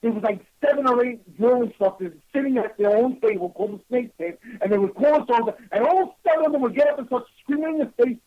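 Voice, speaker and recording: A man's voice: very high voice, fast, few pauses. A man with a New York accent hosting a radio show, telling stories in a blunt, salty, casual way. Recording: slightly muffled lo-fi radio audio.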